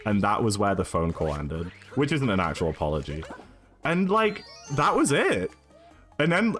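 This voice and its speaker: A young man with an English accent, chatting and storytelling casually as a streamer, rambling along with lots of fillers and tags like "right?". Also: low-pitched. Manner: animated, rambling, filler-heavy with frequent "right?".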